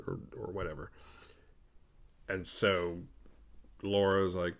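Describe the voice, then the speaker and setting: A man casually recapping a horror movie with comic sarcasm and profanity, slipping in quick voices for the characters. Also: low-pitched, fairly even intonation.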